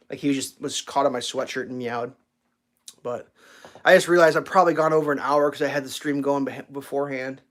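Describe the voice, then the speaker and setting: A man hosting a casual home livestream, telling rambling stories and talking to his cat. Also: fairly high pitch. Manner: rambling storyteller, stammers on restarts; baby talk with his cat. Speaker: livestream host. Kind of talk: casual chat.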